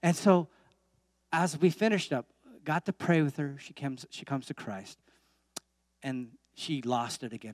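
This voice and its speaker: A man's voice: medium pitch, a little slow, long pauses, no echo, studio quality. A man preaching a sermon as pastor in a church, emphatic, with repeated calls and amens.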